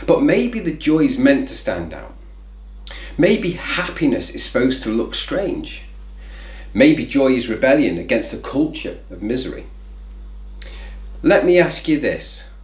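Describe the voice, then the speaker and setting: A man's voice: mid-range voice, echoey room. A man hosting a reflective faith talk, speaking conversationally with lots of "you know" fillers. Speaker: faith video host.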